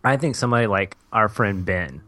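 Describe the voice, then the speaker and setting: In a casual movie discussion, a man co-hosting a podcast enthusiastically recounts favorite scenes and teenage memories, laughing mid-sentence. He speaks fairly quickly in a fairly low, sharp voice, with no room sound.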